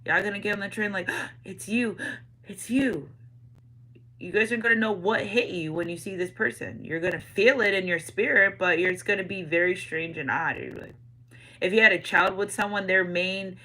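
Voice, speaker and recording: Bright-voiced woman giving a tarot reading. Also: fairly low pitch, steady tone, moderate pace, low-quality recording. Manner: slangy, repeats catchphrases, talks straight to viewers. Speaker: tarot reader.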